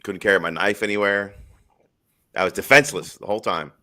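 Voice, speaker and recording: A lower-pitched man hosting a live stream and talking casually. He rambles through his stories bluntly and swears freely, in an easygoing, unscripted chat. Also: steady tone, a little fast, pushed and bright. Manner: blunt, profane, rambling storyteller.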